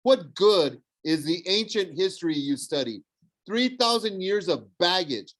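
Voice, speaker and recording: Brief: man playing a mocking young villain, persuasive, sneering, lifted pitch. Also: animated, measured pace, poor audio.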